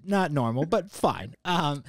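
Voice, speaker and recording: A man's voice: a little high, lively intonation, a little slow, dry recording. A man hosting a podcast, spinning a long story in loose, casual chat. He rambles, restarts his sentences, leans on fillers and swears freely. The sound is dry and close, with no room around it. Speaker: podcast host.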